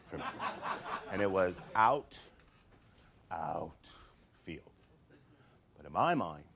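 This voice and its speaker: A man telling a comic personal story in a theatrical, campy way, acting out other people's voices with sassy asides. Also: fairly low pitch. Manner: theatrical, acts out voices with big swings.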